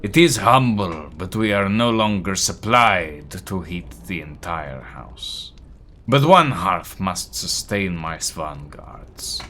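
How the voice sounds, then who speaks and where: A man's voice: low-pitched, expressive, slow, pushed and bright, exaggerated voice. A man voicing an elderly, guarded grandfather who heads his family, speaking in a formal, old-fashioned way with a put-on accent.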